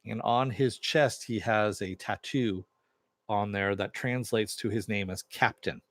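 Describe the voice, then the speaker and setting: Guy with a lowish voice retelling a tv episode, lots of uh and he goes, dry close mic. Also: a little slow, a bit bright, no echo. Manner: rambling retelling with many fillers and "he goes". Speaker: TV episode reviewer. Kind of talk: casual episode recap.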